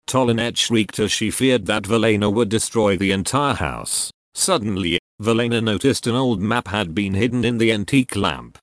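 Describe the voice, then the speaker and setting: A man reading a melodramatic mystery story aloud in a deadpan way. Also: fairly low pitch, moderate pace, hardly any pauses, no echo, studio quality. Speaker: narrator.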